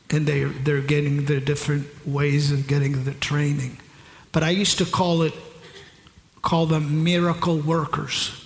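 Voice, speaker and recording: A man's voice: a little high, gravelly, slight background noise. A middle-aged male pastor preaching a sermon in a large church hall, asking the congregation rhetorical questions and answering them himself. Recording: echoey hall with long reverb.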